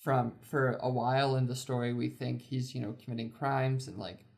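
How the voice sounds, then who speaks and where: A man's voice: medium pitch, flat delivery, normal speed, creaky. A man on a movie podcast, working through his reading of a film with many fillers and hesitations. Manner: hesitant, filler-heavy analysis. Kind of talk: casual movie discussion.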